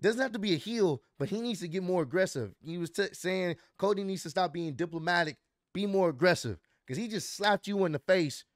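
High-pitched guy doing a casual recap vlog, hyped and slangy, dry close sound. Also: fairly quick, no room sound. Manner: excited, slangy storytelling. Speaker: wrestling commentary vlogger.

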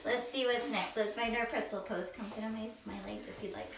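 A woman teaching a children's yoga storytime, reading aloud in a slow, coaxing, sing-song way. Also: a little high, fairly even intonation, creaky, background noise. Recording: roomy, distant from mic.

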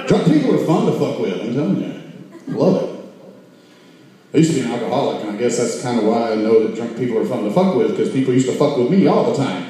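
Guy doing foul-mouthed standup, pitch bouncing all over, big echoey bar room, sounds far off the mic. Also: moderate pace, pauses often, slight background noise. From Oklahoma, US. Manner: profane, rowdy, animated. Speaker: stand-up comedian. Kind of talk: stand-up comedy. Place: comedy bar stage.

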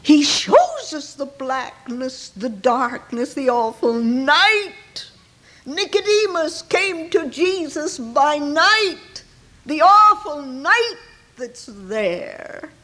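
High, swooping woman preaching slowly. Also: very animated. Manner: dramatic, swinging from hushed near-whispers to ringing cries. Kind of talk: emotional sermon. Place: church.

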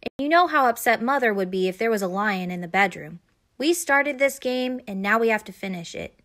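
A woman voicing a bossy, excitable young girl in a storybook read-aloud. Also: fairly high pitch, fairly quick. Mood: urgent. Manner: eager, commanding.

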